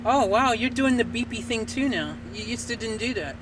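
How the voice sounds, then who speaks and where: A man's voice: very high-pitched, lively intonation, moderate pace, noisy background. A man hosting a livestream, chatting casually and teasing a voice chatbot in a rambling, playful way. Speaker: livestream host.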